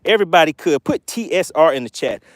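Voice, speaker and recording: A man's voice: on the high side, lively intonation, quick pace, no echo, clean studio sound. A man hosting a live fishing stream from a boat, chatting casually and laughing as he reads viewer comments aloud. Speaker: fishing channel host.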